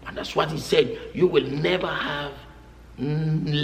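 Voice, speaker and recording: A man preaching a sermon with emphatic repetition, often shouting his phrases. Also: on the high side, fairly even intonation, slow, creaky, slight background noise. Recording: echoey hall with long reverb.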